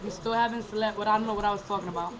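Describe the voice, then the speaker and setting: A young woman chatting fast and giddy into a home webcam, rambling, cursing and laughing, wired on coffee. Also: mid-range voice, fairly even intonation, poor audio. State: over-caffeinated. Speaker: vlogger. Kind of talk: hyper casual webcam chat. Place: room at home.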